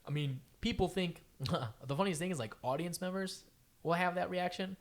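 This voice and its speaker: A young man hosting a casual podcast chat, animated and profane, acting out quotes in loud bursts. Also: sits high, moderate pace. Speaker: podcast host.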